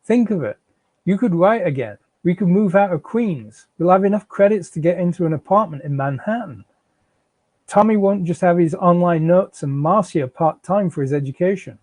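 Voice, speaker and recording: A man's voice: high-pitched, animated, moderate pace, a little mellow, no room sound. A man reading the part of a defensive, out-of-work young father who stammers and pleads with his wife. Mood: pleading. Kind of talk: live fiction reading.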